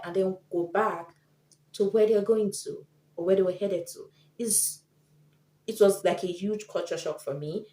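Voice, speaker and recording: Chatty woman vlogger, mellow low voice. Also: fairly even intonation, normal speed. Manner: chatty, acts out quoted people. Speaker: vlogger giving tips. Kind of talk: casual chat to camera. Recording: echoey room.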